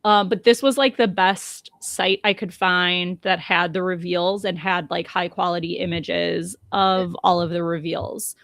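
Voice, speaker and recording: A woman's voice: fairly low pitch, fairly even intonation, measured pace, hardly any pauses, fairly bright tone, no room sound. A woman co-hosting a casual podcast, chatty and full of ums and restarts. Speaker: podcast co-host.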